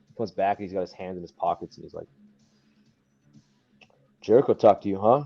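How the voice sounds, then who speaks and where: A young man, a wrestler guest, telling stories casually and animatedly, laughing often and acting out others' lines in a high voice. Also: fairly quick, long pauses, dry recording. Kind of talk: casual storytelling. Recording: dull lo-fi podcast audio.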